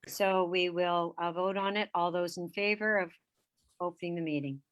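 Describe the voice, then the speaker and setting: A woman's voice: on the low side, steady tone, normal speed. A woman chairing a council meeting over a video call, running the votes and roll call politely with small fillers.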